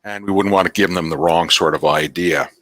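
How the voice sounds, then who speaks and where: A man's voice: deep voice, fairly quick, fairly bright tone, pitched below the performer's own voice. A man voicing a nervous sheriff who stammers as he pleads and makes excuses.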